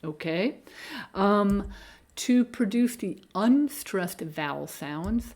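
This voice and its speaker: Slow, measured woman speech coach. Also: mid-range voice, expressive, darkish tone. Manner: measured, often checks in with "okay?". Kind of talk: instructional video lesson.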